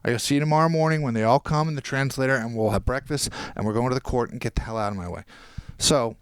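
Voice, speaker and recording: A man, a podcast guest, telling a long anecdote in casual chat and quoting people in quick voices. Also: medium pitch, smooth, no room sound, studio quality.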